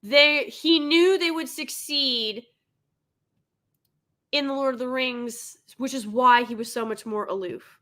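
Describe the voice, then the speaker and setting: A woman's voice: high-pitched, slow pace, bright, forceful tone. A young adult woman giving sarcastic, exasperated live reaction commentary as a streamer.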